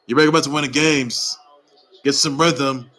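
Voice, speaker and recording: A man with a medium-pitched, bright and forceful voice gives casual sports news commentary on his own report at a moderate pace with fairly even intonation. He rambles, repeats himself and exhorts teams emphatically, all captured on a low-quality recording.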